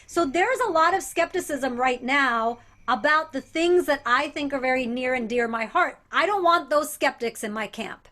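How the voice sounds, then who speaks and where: A woman comedian from Alabama on a panel, animated and thoughtful, with mocking asides. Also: sits high, moderate pace, few pauses. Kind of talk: casual panel chat.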